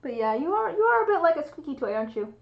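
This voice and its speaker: A woman's voice: high voice, very animated, racing, creaky. A young woman streaming casually, chatting to viewers and cooing at her cat in a baby voice. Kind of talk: casual livestream chat. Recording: muffled lo-fi stream audio.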